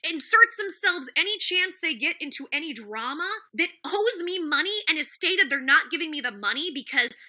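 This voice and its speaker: A woman's voice: high-pitched, expressive, normal speed, few pauses, sharp tone. Indignant woman ranting on a livestream. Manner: angry, indignant, repetitive, addresses chat viewers by name. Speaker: livestream host. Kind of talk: livestream rant to chat.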